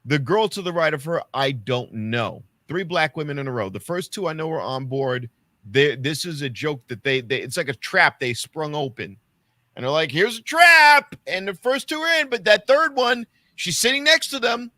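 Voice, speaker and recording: A man co-hosting a casual podcast chat, telling stories from stand-up with lively, acted-out quotes. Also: a little high, normal speed, dry recording. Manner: animated storyteller acting out quotes. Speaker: podcast co-host and stand-up comic.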